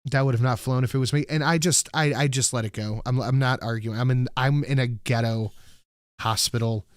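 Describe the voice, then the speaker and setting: A man's voice: medium pitch, fairly even intonation, a little fast, no room sound. Rambling, swearing male streamer, dry sound. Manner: rambling, swearing storyteller who reads out chat. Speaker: livestreamer. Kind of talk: casual chat.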